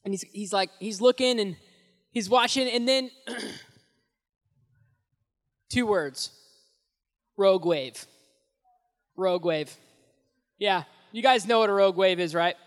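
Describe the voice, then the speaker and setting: A young man preaching as a youth pastor, telling the story in an animated, casual way with slang, swinging between loud and hushed, in a large hall. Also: sits high, a little slow, long pauses. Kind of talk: sermon. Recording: long echoey hall reverb.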